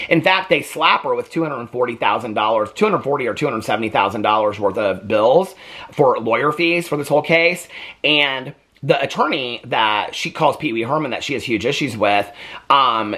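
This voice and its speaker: A man's voice: medium pitch, a little fast, pushed and bright. A man, a young adult, talking through a casual TV review in a rambling, conversational way with lots of fillers and restarts. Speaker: TV review vlogger.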